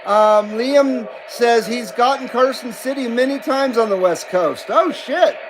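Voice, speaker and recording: Man, CB radio stream host, high voice, rambling casual chat, reads chat aloud, steady background noise. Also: a little slow. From western United States. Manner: rambling and self-deprecating, laughs often, many fillers. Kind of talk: casual livestream chat, reading chat messages aloud.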